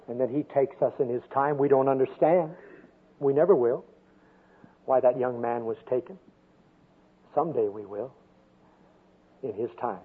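An older man preaching a sermon with a storytelling manner, swinging from loud emphasis down to a soft hush. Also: a little high, husky. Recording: tinny phone-like radio sound.

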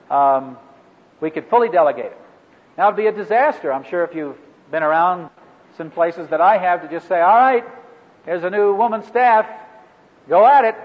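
A man leading a ministry training workshop for a live group, talking in a halting way with many fillers and restarts. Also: a little high. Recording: echoey hall over a phone-like line.

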